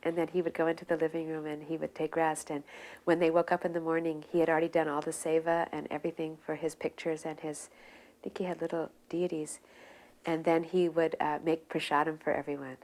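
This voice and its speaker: Brief: woman in a low register, soft-spoken and relaxed, sharing remembered stories. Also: brisk. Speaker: devotee recounting memories. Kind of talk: reminiscing storytelling.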